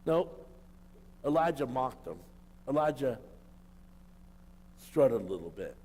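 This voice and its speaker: A man preaches a sermon with emphatic rhetorical questions, rising to loud bursts and dropping to quiet asides. His voice sits at an ordinary middle pitch for a man. A long reverb trails his words through the church hall. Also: big pitch swings, takes it slowly, slightly rough. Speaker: pastor.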